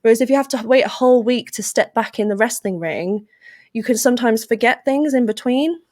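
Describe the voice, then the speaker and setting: A young woman from England with an English accent, chatting lively and playfully as a podcast guest. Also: on the high side, brisk, dry recording, studio quality. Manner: lively, playful, puts on silly voices. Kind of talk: casual interview chat.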